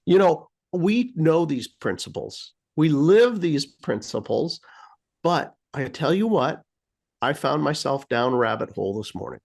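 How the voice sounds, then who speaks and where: A man's voice: on the high side, measured pace, vocal fry. A man from the United States telling a story in casual chat, acting out sounds and his own frustration. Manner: animated, acts out beeps and his own frustration. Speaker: co-host.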